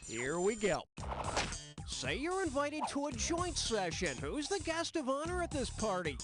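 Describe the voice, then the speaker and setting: A man's voice: very high voice, wildly swooping pitch, measured pace, full character voice. A man voicing a wisecracking, bossy video game quiz show host who snaps out punchlines. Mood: smug. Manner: snappy punchline delivery. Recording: game audio with loud music underneath.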